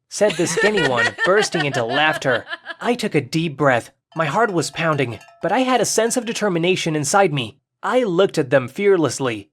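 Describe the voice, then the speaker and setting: A narrator telling a first-person story in an even, clearly paced storytime narration. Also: medium pitch, moderate pace.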